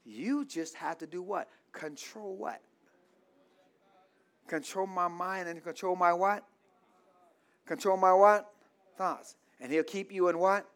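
A man's voice: high voice, slow pace, long pauses, fairly bright tone. A man preaching a call-and-response sermon in a church, leaving blanks in his lines for the congregation to fill and repeating key phrases. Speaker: pastor.

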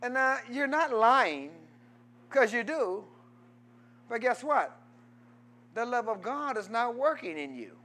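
A man pastor preaching a sermon, quizzing his congregation in call-and-response and swinging from loud exhortation to low asides. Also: sing-song, takes it slowly, pauses often.

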